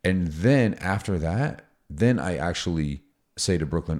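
A man co-hosting a casual podcast, explaining dog training in an energetic, chatty way. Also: sits low, unhurried. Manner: energetic, explanatory, acts out dialogue.

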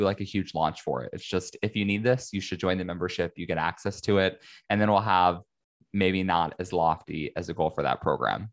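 Chatty low-voiced man hosting a podcast. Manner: chatty, filler-heavy, upbeat and conversational. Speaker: podcast host, business educator. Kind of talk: casual solo podcast monologue.

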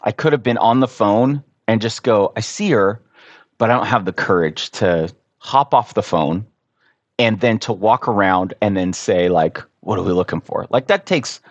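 A man telling an earnest, animated story as a podcast guest in casual conversation. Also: lowish voice, moderate pace, no room sound.

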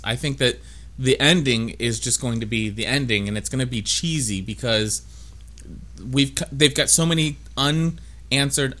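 A man's voice: medium pitch, a bit bright. A man hosting a podcast in casual chat, rambling and joking at his own expense. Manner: rambling, self-mocking, jokey. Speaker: podcast host.

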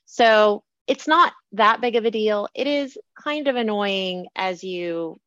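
Chatty mom guest on dull dry audio. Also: female voice, mid-range voice, slow, a bit bright, dry recording. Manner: candid, chatty. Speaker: guest, parent and writer. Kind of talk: casual conversation.

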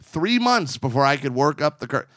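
Animated man telling a story, dry mic. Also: fairly high pitch, normal speed, no echo. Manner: animated storyteller acting out quoted voices. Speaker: podcast co-host and marriage counselor. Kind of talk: casual storytelling chat.

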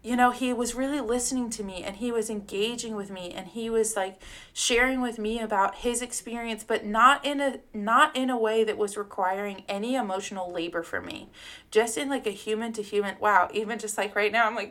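A woman's voice: fairly high pitch, moderate pace, a bit bright. A woman co-hosting a podcast, telling a personal story in a casual, heartfelt way with many fillers and some swearing. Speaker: podcast co-host.

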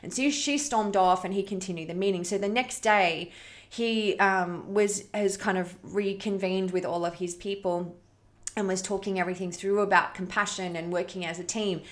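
Woman host telling a parenting story, earnest and heartfelt, easy chatty voice at a middle pitch. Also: steady tone, normal speed. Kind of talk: casual storytelling to an online audience.

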